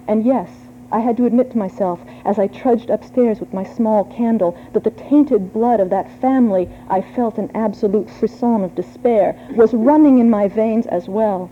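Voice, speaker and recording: A woman's voice: on the high side, normal speed, hardly any pauses. A woman giving a theatrical, breathless reading of a gothic horror story. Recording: tinny phone-like sound with faint hum.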